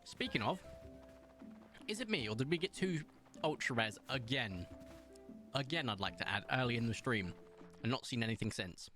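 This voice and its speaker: A man's voice: mid-range voice, animated, normal speed, pauses often, pushed and bright. Young British male streamer, casual and rambling, ordinary mid-range voice, faint music bed. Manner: rambling, with many fillers and restarts. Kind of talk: casual live-stream chat.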